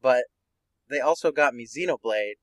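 Brief: male podcast co-host, lively self-mocking storyteller, dry close mic. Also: medium pitch, moderate pace, no echo, poor audio. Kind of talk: casual podcast chat.

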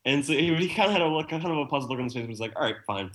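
A man's voice: fairly high pitch, rapid-fire. A man hosting a podcast in casual chat, telling stories with lots of laughter. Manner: animated storytelling, laughs often. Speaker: podcast host.

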